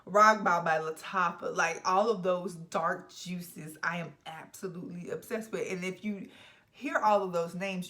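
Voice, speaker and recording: A young woman talks straight to camera about fragrances in an emphatic, playful way. Her voice sits a little low for a woman, and she now and then drops into hushed, whispered asides. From Georgia, US. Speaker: fragrance reviewer. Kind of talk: casual chat to camera.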